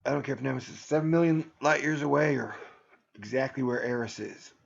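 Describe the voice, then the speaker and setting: A man's voice: medium pitch, fast, creaky, highs cut off, a little hiss or hum. A man hosting his own video channel, rambling through a sarcastic, jokey monologue and laughing at his own jokes. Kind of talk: casual joking monologue.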